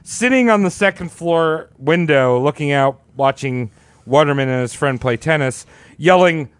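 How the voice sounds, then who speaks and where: A man's voice: fairly high pitch, normal speed, clean tone, no echo. A man casually telling a crude story on a podcast, rambling and acting out quotes. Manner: rambling, profane, acts out quotes.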